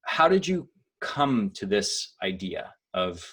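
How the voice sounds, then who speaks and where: A man's voice: on the low side, big pitch swings, takes it slowly, bright, forceful tone, husky. A man hosting a podcast interview, asking questions with enthusiasm and admiration, often restarting his sentences. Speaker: podcast host.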